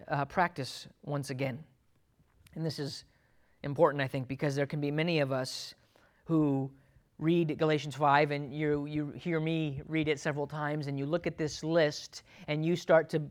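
Keeping a steady tone at normal speed, a male pastor delivers a sermon to his church. His delivery alternates between loud, urgent pleading and quiet, low, earnest asides.

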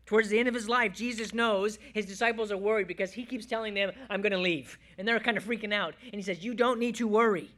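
A man preaching a sermon to his congregation as pastor, swinging between loud emphasis and hushed, quiet lines. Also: high-pitched, fairly even intonation, quick pace, hardly any pauses.

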